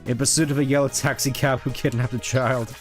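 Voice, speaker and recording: A man's voice: medium pitch, steady tone, brisk, soft background music. A man streaming a video game, commenting in a casual, wry and joking way.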